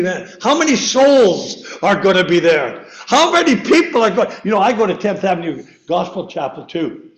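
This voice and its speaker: An older man preaches a loose, rambling sermon, tripping over and repeating his words and chuckling at himself. His voice sits high, and the chapel around him rings with echo. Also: big pitch swings, normal speed, vocal fry. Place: church chapel. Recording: echoey room.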